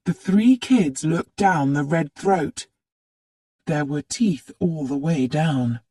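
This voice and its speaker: A narrator reading a spooky story aloud slowly for English learners, acting out the characters' lines. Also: medium pitch, breathy edge, dry recording, clean studio sound. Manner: animated read-aloud, acts out the characters' lines.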